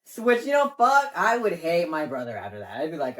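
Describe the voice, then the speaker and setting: A man's voice: fairly high pitch, wildly swooping pitch, a little fast, few pauses, a bit bright. A man co-hosting a casual chat and explaining game lore in a rambling way, leaning on filler words and swearing now and then. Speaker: co-host.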